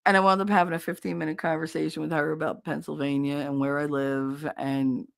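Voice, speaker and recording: Blunt, low-voiced New Jersey woman. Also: flat delivery, fairly quick, gravelly, dry recording, clean studio sound. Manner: blunt and profane, acting out both sides of conversations. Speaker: podcast host. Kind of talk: casual storytelling chat.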